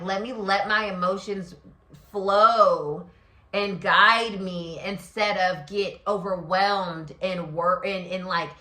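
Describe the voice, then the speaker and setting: A woman's voice: lowish voice, fairly bright tone, echoey room. A woman hosting a solo tarot reading. She talks expressively, with lots of fillers, and acts out inner voices. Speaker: tarot reader and astrology host.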